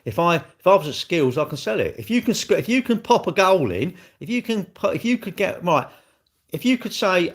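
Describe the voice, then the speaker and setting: A man's voice: a little high, big pitch swings, fairly quick. An older man chats on his own livestream in a blunt, argumentative way. He swears freely and answers his commenters head-on. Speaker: livestream host. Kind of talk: casual livestream chat.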